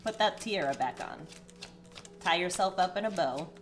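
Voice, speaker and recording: A woman's voice: lively intonation, normal speed, music in the background. A woman giving a casual, emotional spiritual tarot reading, chatty with many fillers and sometimes teary. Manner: emotional, gets teary and pitch rises. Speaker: tarot reader.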